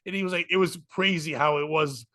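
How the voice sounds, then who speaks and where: A man's voice: on the high side, a little fast, bright, forceful tone, dry recording, clean studio sound. A man, a stand-up comic hosting a podcast, rambling through a story with profanity and acted-out quotes. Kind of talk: casual storytelling chat.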